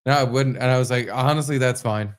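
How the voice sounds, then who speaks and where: A man co-hosting a casual podcast, telling a story with lots of swearing. His pitch swings widely, jumping up high whenever he acts out what someone said. His voice sits in a middle register. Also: steady tone, fast talker. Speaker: podcast co-host. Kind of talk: casual chat.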